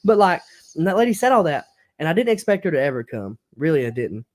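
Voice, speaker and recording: A man's voice: on the high side, very animated, fast talker, darkish tone. Laid-back man telling stories. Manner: laid-back, rambling, laughs often. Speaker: podcast host. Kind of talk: casual storytelling chat.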